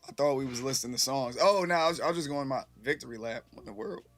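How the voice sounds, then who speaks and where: A man's voice: mid-range voice, fast talker, few pauses, bright, forceful tone, faint music behind. A man casually chatting with his live-stream viewers, rambling loosely and swearing freely, a little tipsy.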